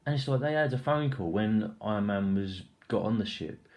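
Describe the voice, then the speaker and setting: A young man giving a casual, rambling film review, excitable and full of swearing and filler words. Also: on the low side, normal speed.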